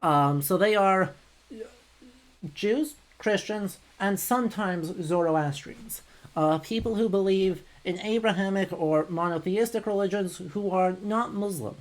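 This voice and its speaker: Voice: mid-range voice, measured pace. A historian streamer giving casual live commentary over gameplay, chatty with many fillers and dry sarcastic asides.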